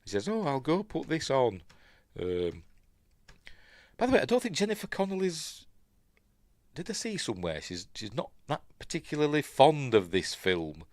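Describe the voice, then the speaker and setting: A man's voice: mid-range voice, very animated, normal speed, darkish tone, dry recording, studio quality. A middle-aged man with a Yorkshire accent, chatting his way through a film in a loose, rambling commentary full of ums and uhs, now and then mimicking the characters. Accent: Yorkshire English. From Yorkshire, England. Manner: mimics quoted characters playfully. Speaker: film review host. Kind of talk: casual film watch-along commentary.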